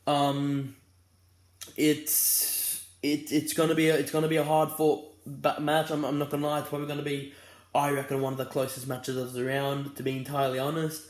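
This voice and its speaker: A young Australian man talks through a footy fan preview in a rambling, fired-up way, stumbling over his words. He sounds tired, with yawns between lines. His delivery stays flat and level, and the room echoes around him. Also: fairly high pitch, moderate pace. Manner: rambling and fired up, many restarts. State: tired and yawning. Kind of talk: casual fan preview monologue.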